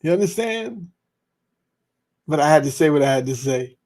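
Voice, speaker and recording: A man hosting a podcast livestream, talking in a relaxed, casual, slangy way. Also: on the high side, normal speed. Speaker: podcast host.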